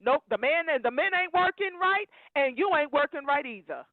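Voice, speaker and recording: A woman's voice: sits high, expressive, normal speed, no room sound. A woman calling in to a talk show, emotional and preaching fiercely, repeating phrases for emphasis. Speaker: caller. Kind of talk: impassioned call-in rant. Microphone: phone. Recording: tinny dry phone line.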